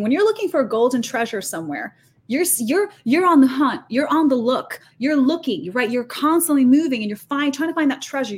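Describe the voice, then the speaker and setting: A woman with a high voice speaks as a guest on a faith podcast. She talks in an animated, emphatic way that drifts into preaching. Her words tumble out fast, with many restarts and fillers. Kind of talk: faith-based podcast conversation.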